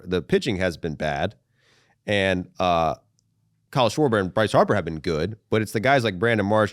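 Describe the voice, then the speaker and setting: A low-pitched man talks baseball on a podcast, his voice rising and falling a lot as he rambles along in slangy chat. The sound is close and dry, with no room around it. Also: a bit bright, dry recording. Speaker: podcast host. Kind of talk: casual sports chat.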